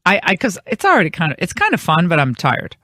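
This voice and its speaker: Woman radio talk host, lively swooping pitch, rambling chatty stories, dry studio sound. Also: quick pace, no room sound. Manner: rambling, anecdotal storytelling. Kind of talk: casual on-air chat.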